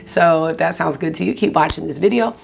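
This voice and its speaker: A chatty woman in her forties with a gravelly, low morning voice talks through her makeup routine. She sounds relaxed and friendly, drops a "y'all" here and there, and talks close to the camera mic. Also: a little fast, slight background noise. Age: 40s. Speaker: beauty vlogger. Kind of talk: casual get-ready-with-me chat.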